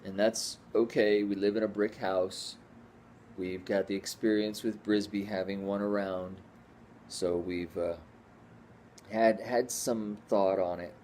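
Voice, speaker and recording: A man's voice: on the low side, fairly even intonation, a little slow, darkish tone, a little hiss or hum. A man from the Northeastern United States chatting casually at home in a rambling, easygoing way, full of restarts. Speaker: squirrel rehabber vlogger. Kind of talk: casual home vlog chat.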